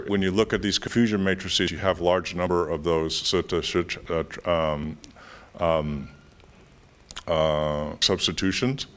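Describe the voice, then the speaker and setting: A man's voice: deep voice, fairly bright tone. A man giving a guest lecture and answering audience questions, thinking aloud with many fillers and restarts. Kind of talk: academic Q&A answer.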